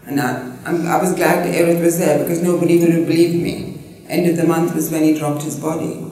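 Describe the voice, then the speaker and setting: An older woman from India, an interviewee, recalling memories in a rambling, halting way with many fillers. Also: deep voice, fairly even intonation, mellow. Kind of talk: personal reminiscence. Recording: roomy, distant mic.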